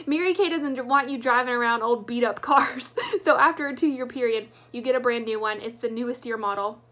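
A woman's voice: fairly high pitch, a little fast, a bit bright. Upbeat woman sharing her story. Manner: enthusiastic, emphatic storytelling. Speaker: sales director. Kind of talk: personal testimonial.

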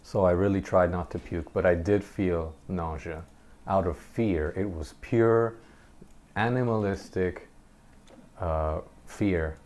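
A man casually telling a personal story over gameplay, animated and halting, often laughing between sentences. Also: deep voice. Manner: halting, many restarts. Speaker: gameplay commentator.

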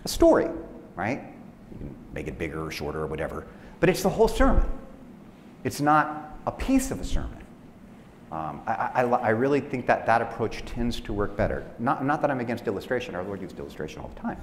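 A man, a pastor, telling a story and talking to fellow pastors in an animated way. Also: fairly low pitch, a little fast. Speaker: pastor, conference speaker. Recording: echoey hall, faint background noise.

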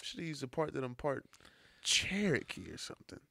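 Profane, teasing man with gravelly voice. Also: medium pitch, sing-song, brisk, bright, forceful tone, slight background noise. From United States. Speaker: podcast guest. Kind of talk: late-night casual podcast banter.

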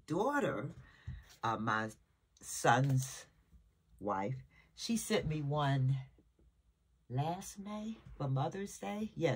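A woman's voice: rumbling low, slightly rough. An older woman, a great-grandmother, chatting casually to her viewers at home, emotional and jumping from topic to topic. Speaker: vlogger. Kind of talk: casual rambling chat. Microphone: camera nearby.

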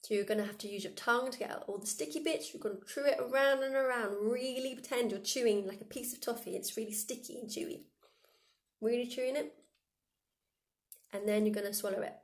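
A fairly high-voiced woman teaches children a vocal warm-up in a playful way, breaking off to act out buzzing, snapping and comic noises. She sounds like a school music teacher guiding a class through each step. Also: quick pace. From England. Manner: playful, demonstrates silly noises and sound effects.

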